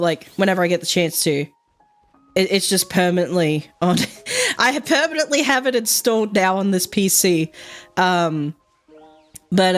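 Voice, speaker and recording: A young woman chatting casually on a livestream, rambling with lots of fillers, frequent laughter and casual swearing. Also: mid-range voice. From Australia. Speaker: streamer.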